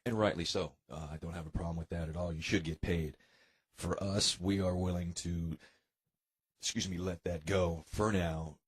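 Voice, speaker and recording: An American man from New York, a guest musician chatting casually in an interview, relaxed with plenty of fillers and sighs. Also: sits low, husky. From New York, United States.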